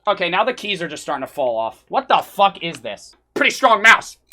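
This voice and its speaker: A man in his twenties, a streamer, excitedly retelling a story with lots of swearing and acted-out quotes. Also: high voice, a little fast. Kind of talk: animated storytelling vlog.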